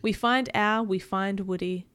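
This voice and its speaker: A woman's voice: medium pitch, fairly even intonation, unhurried, a bit bright, clear, resonant tone, dry recording, lightly acted. Woman doing a commanding space ranger toy. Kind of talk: storybook read-aloud.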